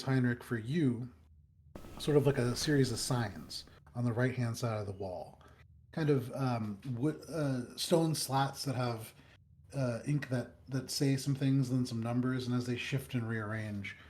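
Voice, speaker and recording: Man, dungeon master, scene narration, mid-pitched, hesitant fillers. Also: a little mellow, slight background noise. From United States. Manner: descriptive, with many ums and uhs. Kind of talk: narrating a tabletop game.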